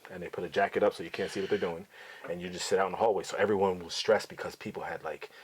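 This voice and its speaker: A man's voice: low voice, fairly even intonation, very fast, slightly rough. A middle-aged father hosting a podcast, telling his son stories in a blunt, profane, outspoken way. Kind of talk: casual storytelling to his son.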